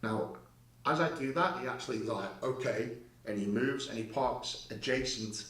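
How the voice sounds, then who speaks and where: A man's voice: medium pitch, normal speed, a bit bright. A man bluntly retelling a confrontation in his own words, swearing often and speaking with rising heat. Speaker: guest recounting an incident. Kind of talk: storytelling in a clip. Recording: roomy, distant clip audio.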